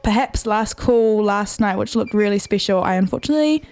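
A woman's voice: mid-range voice, animated, fairly quick, darkish tone. A woman with a New Zealand accent co-hosting a breakfast radio show, chatting casually and upbeat, weaving te reo Māori greetings into her English.

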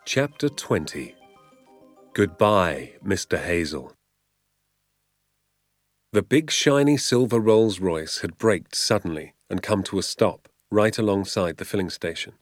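A man narrating a children's novel aloud in a measured, expressive storytelling manner. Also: low voice, no room sound, clean studio sound, soft background music. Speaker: audiobook narrator. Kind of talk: storybook reading.

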